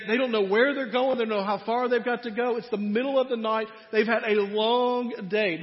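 A man preaching a sermon in a conversational way, his voice swinging between loud and quiet. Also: extremely high pitch. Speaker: pastor. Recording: muffled sound in a reverberant hall.

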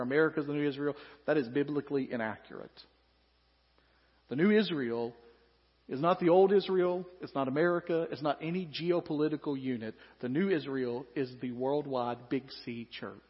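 A male pastor preaching a sermon, moving between hushed, slow passages and loud, emphatic ones. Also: on the high side, husky. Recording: echoey hall, dull lo-fi sound.

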